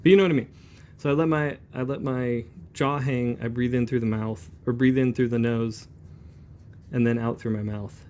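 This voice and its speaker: A man in his forties, a comic book inker, chatting in a relaxed, rambling way as he demonstrates brush inking. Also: mid-range voice, normal speed, a little hiss or hum.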